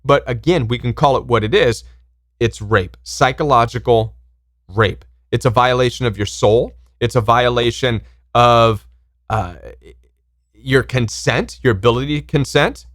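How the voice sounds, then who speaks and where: A man's voice: medium pitch, unhurried, fairly bright tone, dry recording, clean studio sound. A man hosting a self-help channel, speaking in an impassioned, emphatic monologue and acting out pushy voices when he quotes people.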